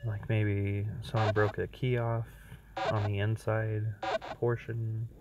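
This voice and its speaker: A tired man talks slowly and drowsily into his phone from the driver's seat of a parked car. His voice sits a little low, and he rambles between thoughts in a relaxed live-stream chat. A steady hiss of noise runs under the phone recording. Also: muffled recording. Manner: slow, sleepy and rambling, yawning between thoughts. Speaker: streamer playing a mobile game.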